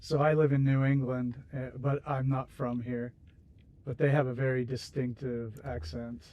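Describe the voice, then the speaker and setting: A man's voice: mid-range voice, level tone, moderate pace, dark tone, muffled recording. Chatty man hosting a game livestream. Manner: chatty, rambling, laughs easily. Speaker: livestream host. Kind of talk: casual chat with viewers while building in a game.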